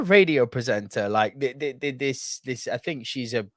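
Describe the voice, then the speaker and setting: A man's voice: mid-range voice, animated, moderate pace, no room sound, clean studio sound. A young man co-hosting a podcast, chatting casually with jokey, swearing rants. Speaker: podcast co-host. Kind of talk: casual chat.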